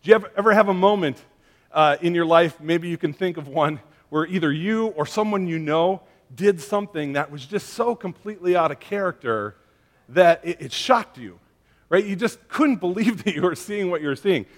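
Pastor guy preaching, kinda high voice, super chatty with lots of "like" and "uh", jokey family stories. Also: expressive, normal speed. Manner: conversational, chatty with fillers and asides; tells family stories with humor. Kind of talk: sermon.

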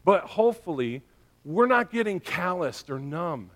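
A man's voice: sits high, big pitch swings, measured pace, a bit bright. A male pastor preaching a sermon in a conversational way, often checking in with his listeners by asking "right?" and "okay?".

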